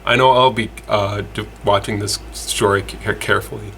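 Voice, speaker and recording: A man's voice: fairly low pitch, steady tone, normal speed, gravelly, fairly bright tone, slight background noise. A man hosting a casual weird-news show, chatty and rambling with lots of fillers and restarts. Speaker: host.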